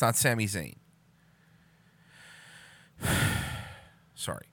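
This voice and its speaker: A reaction commentator rants sarcastically and swears heavily while reacting to a video for comedy. His slightly high voice is very animated with a sharp tone, at a moderate pace, in a dry recording.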